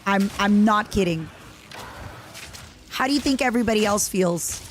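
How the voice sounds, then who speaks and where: A young woman with an Eastern European accent streams a game live, reacting excitably and chatting with viewers. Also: mid-range voice, normal speed, slight background noise. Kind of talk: live gaming stream chat.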